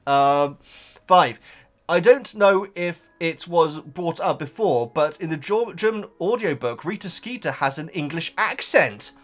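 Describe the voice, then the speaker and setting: A man's voice: on the high side, animated, unhurried. A man reading out viewer comments and chatting about them casually, wandering off into tangents and thinking aloud. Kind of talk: casual chat.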